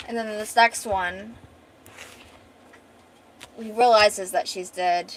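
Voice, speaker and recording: A woman streamer retelling a story in casual, animated chat. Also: mid-range voice, slow pace, long pauses, slight background noise, low-quality recording.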